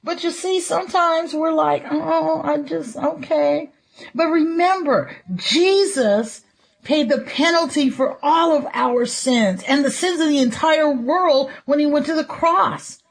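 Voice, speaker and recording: A woman's voice: high-pitched, unhurried. A woman giving a conversational devotional sermon, chuckling as she tells a personal story and acts out her own thoughts. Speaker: preacher.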